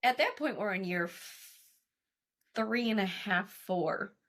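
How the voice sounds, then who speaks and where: A woman's voice: medium pitch, lively intonation, takes it slowly, a bit bright. A young adult woman, a guest on an interview show, telling her story casually and animatedly, acting out what others said and laughing often. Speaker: guest, cancer survivor and coach.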